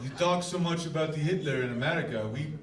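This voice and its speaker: A man putting on a deadpan tough guy. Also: on the high side, quick pace, far from the mic, close to an everyday voice. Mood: deadpan menace. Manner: flat deadpan menace. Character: cold menacing male Russian, deadpan and ruthless. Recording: roomy stage sound over loud guitar.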